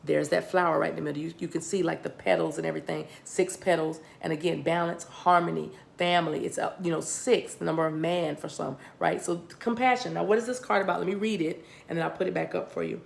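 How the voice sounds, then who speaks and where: Low gravelly American woman reading cards. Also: steady tone, quick pace, few pauses. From United States. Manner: repetitive, restarting, addresses viewers directly. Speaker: spiritual card reader. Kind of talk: tarot-style card reading.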